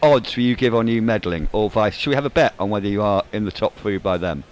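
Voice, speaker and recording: A man's voice: fairly low pitch, fast. A man co-hosting a live sports radio chat, teasing his friends and breaking in with score updates. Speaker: radio co-host.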